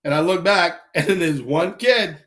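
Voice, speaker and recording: A man casually telling animated anecdotes on a live stream, acting out quick voices as he goes. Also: fairly high pitch. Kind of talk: casual storytelling.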